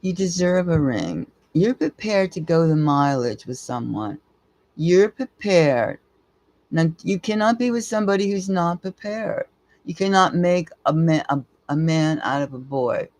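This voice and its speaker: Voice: mid-range voice, a little mellow, no echo. A tarot reader giving a live reading, with blunt, emphatic advice, casual swearing, and sentences that ramble and restart.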